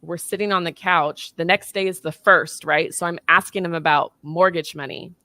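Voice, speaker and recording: A woman's voice: fairly low pitch, normal speed, no echo. A woman in her thirties telling a personal story in casual chat, acting out the voices in the dialogue she quotes. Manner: animated, acts out quoted dialogue.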